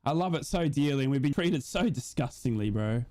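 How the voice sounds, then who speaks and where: A man's voice: mid-range voice, lively intonation, fairly quick, dark tone. A young man doing live fan commentary on a football match as a watch-along streamer, passionate, swearing and emotional.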